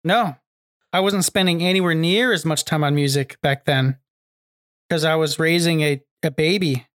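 A middle-aged man in a casual podcast chat, giving advice in a measured way and asking and answering his own questions. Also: on the high side, a bit bright, dry recording, studio quality. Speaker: podcast co-host.

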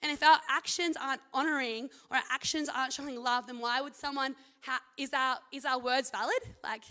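A young woman, giving a casual devotional talk as a Christian university student, enthusiastic and animated in quick bursts. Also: sits high.

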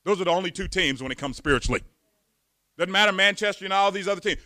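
A man's voice: high voice, racing, sharp tone, no room sound. A man preaching a sermon, emphatic, often repeating words and firing off rhetorical questions.

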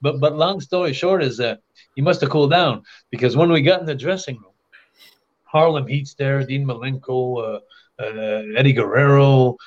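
A man's voice: medium pitch, normal speed, dull audio. An older man from Canada, a guest on a podcast, telling long rambling anecdotes with frequent restarts and bursts of laughter. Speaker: interview guest. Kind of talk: casual storytelling.

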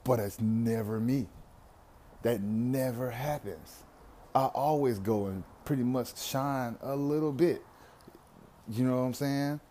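A man's voice: medium pitch, slow pace, mellow. A young man, talking through his anxiety in a candid, rambling personal monologue full of slang and profanity.

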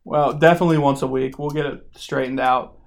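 A man's voice: medium pitch, fairly even intonation, brisk, vocal fry. A man hosting a casual podcast, joking and rambling with fillers. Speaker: podcast host.

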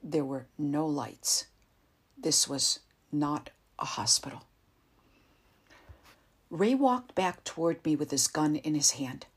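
A woman narrating a first-person story in a quiet, tense, measured way. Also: sits low, slightly rough.

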